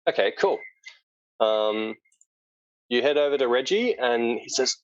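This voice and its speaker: Australian male game master, lively pitch, dull dry stream mic. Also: measured pace, pauses often, no echo. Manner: casual, hesitant, lots of fillers. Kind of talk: narrating a tabletop game.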